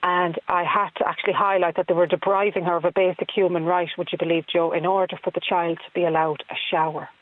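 A woman's voice: on the low side, flat delivery, quick pace, hardly any pauses, no room sound. Distressed mother on a phone line. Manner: earnest, distressed, hesitant with many ums. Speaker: caller. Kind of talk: radio phone-in.

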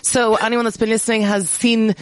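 A woman's voice: on the high side, little pitch movement, fairly quick, no room sound. A woman co-hosting a radio show, reading out news items with a playful, teasing delivery. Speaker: radio co-host. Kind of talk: casual radio banter.

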